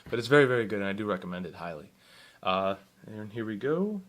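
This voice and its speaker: A young man rambles through a casual gaming news rundown, often stopping to correct himself and put questions to his viewers. His voice sits a little low, with a relaxed, conversational delivery. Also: fast talker. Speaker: gaming vlogger. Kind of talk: casual video game news vlog.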